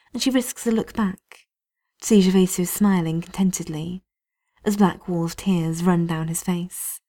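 A woman reading a story aloud in a hushed, often half-whispered delivery. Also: fairly low pitch, gravelly. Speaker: narrator.

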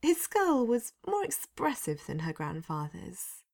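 A woman narrating a story aloud in an unhurried, dry reading voice. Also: medium pitch, huge pitch swings, vocal fry, a little mellow.

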